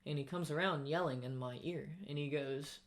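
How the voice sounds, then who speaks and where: A podcast co-host telling stories in a casual chat, animated, acting out other people's lines in jumpy voices and laughing between lines. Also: medium pitch, normal speed.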